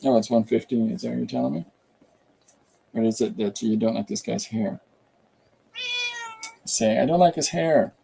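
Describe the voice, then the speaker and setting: A man's voice: medium pitch, steady tone, normal speed, creaky, long pauses, mellow, slight background noise, low-quality recording. A man streaming a comic drawing tutorial, rambling casually and chatting with viewers and a pet as he draws.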